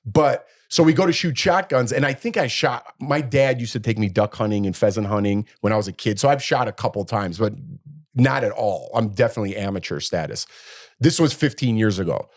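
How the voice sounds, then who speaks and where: A man co-hosting a casual chat, telling a story with lively acted-out quotes. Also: lowish voice, fairly quick. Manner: animated storyteller, acts out quotes. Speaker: podcast co-host.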